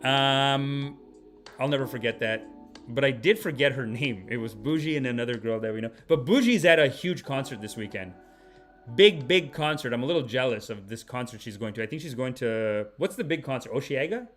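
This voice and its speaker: A male podcast host telling rambling, casual comic stories in a mid-pitched voice. He talks with animated energy and laughs often, with faint music underneath. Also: fairly quick.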